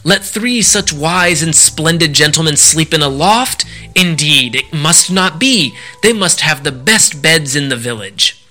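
Earnest, wide-eyed village peasants in a storybook, read by a man, bright and lively. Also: on the high side, measured pace, hardly any pauses, soft background music, heavily acted. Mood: insistent. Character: amazed village peasants, simple and eager.

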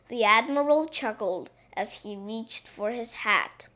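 A woman reading a children's story aloud, gentle and expressive. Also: fairly high pitch, slow, hardly any pauses.

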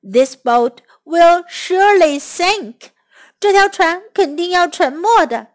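A woman's voice: extremely high pitch, lively intonation, slow pace, full character voice. A woman voicing a fussy, worried lobster who keeps insisting there is no room, in a children's storybook reading. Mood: fretful. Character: fretful, fussy lobster in a crowded boat.

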